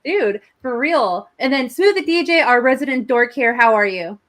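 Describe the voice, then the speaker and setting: A woman's voice: high voice, lively intonation, normal speed. Bubbly woman hosting a livestream. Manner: bubbly, laughs often, warm greetings. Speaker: host.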